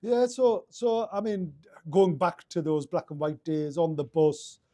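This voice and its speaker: Middle-aged Geordie man, guest on a chat show; dark, mellow tone, rambles with restarts. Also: fairly high pitch, fairly even intonation, measured pace, dry recording. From Northeast England. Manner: rambling, many restarts and fillers. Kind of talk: casual interview storytelling.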